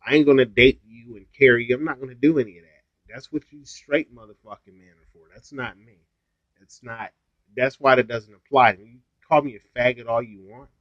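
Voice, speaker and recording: A man's voice: mid-range voice, steady tone, brisk. A young adult man telling a story on his vlog in a blunt, heavily profane, ranting way. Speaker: YouTuber. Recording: dull lo-fi sound, dry.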